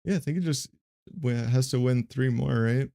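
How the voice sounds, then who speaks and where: A young man streaming a card game match, giving casual and rambling play-by-play commentary in a flat, monotone way with lots of fillers. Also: mid-range voice, moderate pace, creaky.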